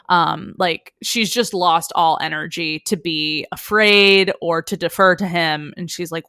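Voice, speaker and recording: A woman co-hosting a chatty podcast, walking her friends through a romance plot and slipping into the characters' lines as she goes. Her voice sits a little low, and the recording is dry and close. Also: unhurried, clear, resonant tone, no room sound. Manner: animated storytelling, acting out character quotes. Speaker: podcast co-host. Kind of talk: casual chat, retelling a romance story.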